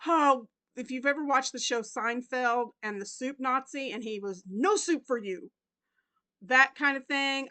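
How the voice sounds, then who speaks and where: A woman's voice: sits high, bright, forceful tone, clear, resonant tone. A middle-aged woman chatting casually while unboxing gifts in a crafting vlog, often breaking into helpless laughter. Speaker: crochet vlogger.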